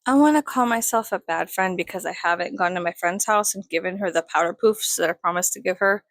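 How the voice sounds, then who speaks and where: A worn-out young woman rambles through her dawn makeup routine, swearing freely and teasing herself. Her voice has a rough, gravelly fry. The sound is dry and close. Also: on the low side, a little fast, fairly bright tone, dry recording. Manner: tired, swears often, self-mocking. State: tired. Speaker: vlogger. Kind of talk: casual early-morning makeup vlog.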